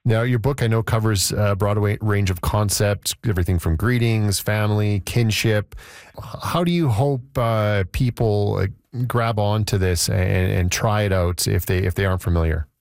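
A man's voice: fairly low pitch, normal speed, creaky, darkish tone, dry recording, studio quality. A man interviewing an author, asking questions in a hesitant, searching way.

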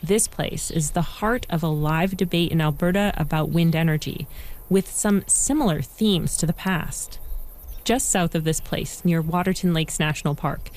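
A woman reporter reads her script in a lowish voice. Her delivery is measured and clear, with an even storytelling pace. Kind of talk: scripted narration.

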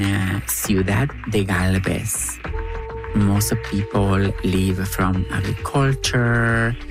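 A woman from Argentina with an Argentine Spanish accent, telling personal stories in an interview in a slow, playful way. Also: very deep voice. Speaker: storyteller and writer.

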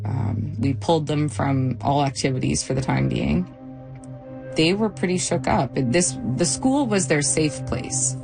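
A middle-aged woman retelling a frightening night in a halting, shaken interview. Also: low voice, gravelly, over music. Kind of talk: personal testimony interview.

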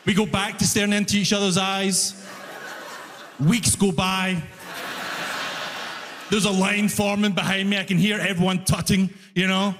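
A young man performs stand-up, spinning an animated, exasperated story in a notably high voice. His words ring through the long reverb of a big hall, with a faint wash of room noise underneath. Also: normal speed, pauses often. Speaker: stand-up comedian. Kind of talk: stand-up comedy set. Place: large concert hall.

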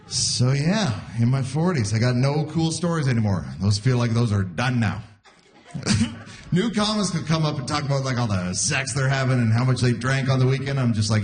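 A man's voice: medium pitch, expressive, moderate pace, a little mellow. A man in his forties performing a self-deprecating stand-up set live, acting out voices in quotes. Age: 40s. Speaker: stand-up comedian. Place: live comedy venue before an audience. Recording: live audience laughter behind.

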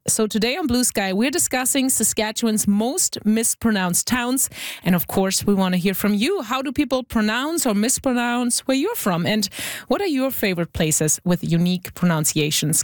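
Woman from germany, radio show host, measured scripted opening, middle pitch, dry close studio sound. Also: dry recording.

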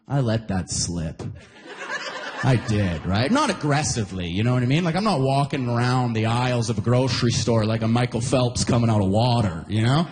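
A young man from Alberta performing a stand-up set, animated and jumping into loud mock voices. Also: mid-range voice, moderate pace, big-room sound, a little hiss or hum. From Alberta, Canada. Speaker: stand-up comedian. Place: live comedy venue.

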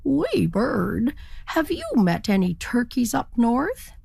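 A woman voicing a proud, stubborn male turkey in a children's storybook, in a pompous, slow, drawn-out manner. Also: on the high side, big pitch swings, vocal fry, a little mellow, breathy edge, dry recording, pitched above the performer's own voice, heavily acted.

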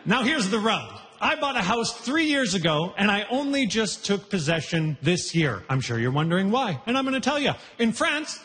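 A man's voice: high voice, big pitch swings, normal speed, hardly any pauses, a bit bright. A man performing a brash, conversational stand-up set on stage, working the crowd, with audience laughter behind him. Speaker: stand-up comedian. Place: comedy festival stage before a live audience. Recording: live show in a reverberant hall.

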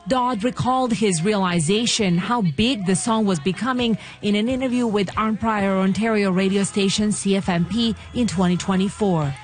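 A woman's voice: medium pitch, moderate pace, few pauses, faint music behind. Woman narrating a radio news feature. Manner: polished, storytelling reporter delivery. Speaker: news reporter.

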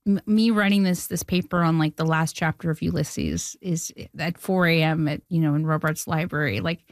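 Animated chatty woman from Canada. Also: sits low, moderate pace, no room sound, studio quality. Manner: animated storytelling, acts out quoted dialogue, laughs often. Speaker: filmmaker and former music journalist. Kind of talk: casual interview chat.

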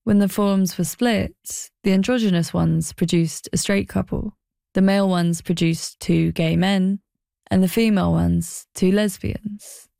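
A woman's voice: medium pitch, steady tone, measured pace, gravelly, warm tone, no echo, clean studio sound. A young woman narrating a personal documentary in a wry, self-deprecating way.

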